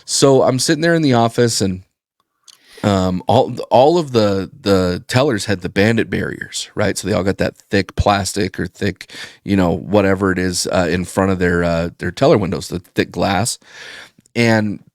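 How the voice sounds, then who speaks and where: A man telling a rambling, profane story in casual podcast chat, getting animated when he quotes people. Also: low-pitched, normal speed, no echo, clean studio sound. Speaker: podcast guest.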